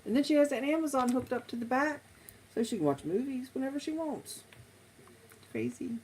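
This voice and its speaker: A woman's voice: high-pitched, lively intonation, fairly quick, darkish tone, a little hiss or hum, low-quality recording. A middle-aged woman, chatting casually with viewers on a stream, rambling from one topic to the next. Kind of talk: casual live chat.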